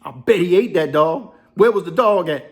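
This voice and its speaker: A man's voice: high-pitched, expressive. A middle-aged man with a New Orleans accent, reacting to a news story in casual, slangy talk. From Louisiana, New Orleans area. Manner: casual storytelling, drawling slang, quick laughs. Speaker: commentary video host. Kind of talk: reaction commentary.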